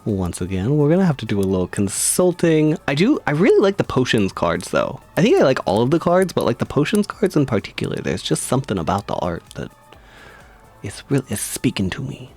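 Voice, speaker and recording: A man's voice: mid-range voice, huge pitch swings, a little fast, a little mellow, faint music behind. A man streaming live, chatting casually and reading tarot cards, giggly and rambling with frequent laughs.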